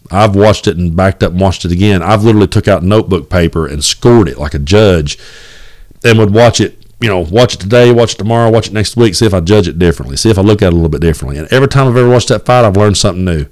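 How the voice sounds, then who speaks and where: A man's voice: deep voice, fast, a little mellow, no room sound. A man in his forties with an East Tennessee accent, hosting a solo podcast from his kitchen table at home. He rambles in a folksy way, with many fillers and some cussing. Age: 40s. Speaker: podcast host. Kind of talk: casual solo podcast monologue. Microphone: home recording setup.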